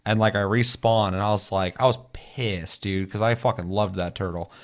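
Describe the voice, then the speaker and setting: A man's voice: lowish voice, fairly even intonation, normal speed. A young man co-hosting a gaming podcast, telling long, rambling stories full of swearing in casual chat. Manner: rambling, profane storytelling. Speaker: podcast co-host.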